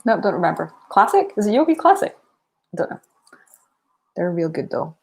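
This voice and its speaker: A woman with an Aberdeen Scottish accent chatting casually on a relaxed live stream, rambling along with lots of ums and the odd swear word. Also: lowish voice, a little fast, breathy edge. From northern Scotland.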